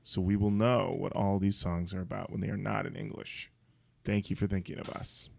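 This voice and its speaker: A man co-hosting a music podcast, casually describing an album in a dry, deadpan way. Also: sits low, normal speed, vocal fry. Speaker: podcast co-host. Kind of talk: casual chat.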